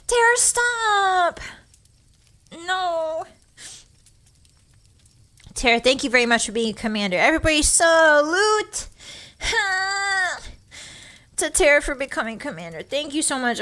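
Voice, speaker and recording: A woman's voice: high-pitched, lively intonation, measured pace, sharp tone. A young woman streaming in a casual, playful chat, giggling often as she thanks her viewers and fights back tears. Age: young adult. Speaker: virtual streamer.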